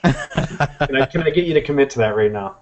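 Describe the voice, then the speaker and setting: A man's voice: medium pitch, lively intonation, fairly quick, crowd noise. A man hosting a podcast who asks questions in an easygoing, friendly way. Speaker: podcast host. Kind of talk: casual interview. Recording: dull lo-fi sound.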